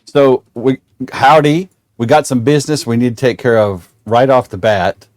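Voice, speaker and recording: A man's voice: medium pitch, normal speed, a little mellow, no room sound, clean studio sound. A middle-aged man hosting a casual livestream chat, folksy and joking, rambling with restarts. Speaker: show host.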